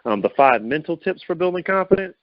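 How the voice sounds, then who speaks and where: A man hosting a confidence coaching call, speaking in an upbeat way, asking his listeners many rhetorical questions and swinging his pitch up and down as he talks. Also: brisk, dry recording. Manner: lively pitch swings to show vocal variety. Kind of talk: motivational teleconference talk. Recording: dull lo-fi phone-call audio, dry.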